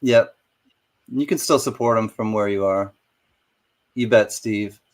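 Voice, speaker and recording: A man co-hosting a casual livestream chat, giving easygoing shout-outs to viewers. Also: on the low side, a little slow. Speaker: co-host.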